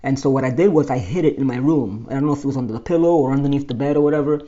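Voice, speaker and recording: A man's voice: mid-range voice, racing, mellow. Man telling his life story, lo-fi. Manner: rambling, restarts and corrects himself. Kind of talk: personal life story monologue.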